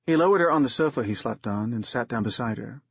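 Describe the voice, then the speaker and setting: Husky male audiobook narrator. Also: mid-range voice, no echo. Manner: steady, unhurried reading. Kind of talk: scripted narration. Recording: dull, muffled recording.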